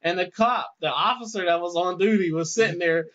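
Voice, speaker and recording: A man in his thirties casually telling a long story on a podcast, animated, with many restarts and acted-out quotes. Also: high-pitched, a little fast, over a noisy crowd. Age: 30s. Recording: dull lo-fi podcast audio.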